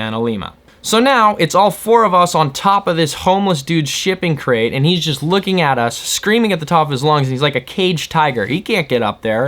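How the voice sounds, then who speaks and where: Man, vlogger, casual storytelling, excitable, slightly high voice. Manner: animated, excitable retelling.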